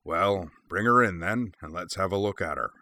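Man reading as a gruff old dwarf blacksmith, very deep voice, bright edge, storybook. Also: normal speed, dry recording. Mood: businesslike. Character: gruff old male dwarf smith, burly.

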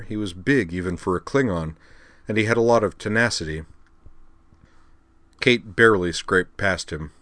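A man narrating a story, reading with expressive, lively emphasis. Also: lowish voice, dry recording.

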